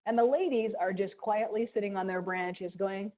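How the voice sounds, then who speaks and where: A museum educator with a mild Ohio accent gives an animated, playful science lesson to children over a video call, adding little sound effects. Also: female voice, medium pitch, normal speed. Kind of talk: live online science lesson for kids. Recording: tinny video call audio.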